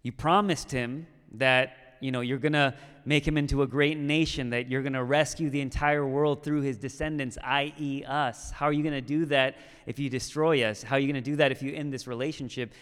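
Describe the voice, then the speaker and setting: A preacher voicing an urgent, pleading Moses. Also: male voice, medium pitch, fairly even intonation, a bit bright, smooth, long reverb tail, lightly acted. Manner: casual, hurried pleading.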